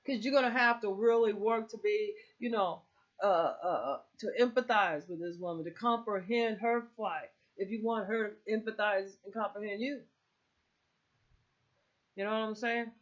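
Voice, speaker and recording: A woman's voice: mid-range voice, moderate pace. A middle-aged woman in a heated, profane, rambling rant to camera. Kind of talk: casual political rant to camera. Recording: muffled lo-fi recording.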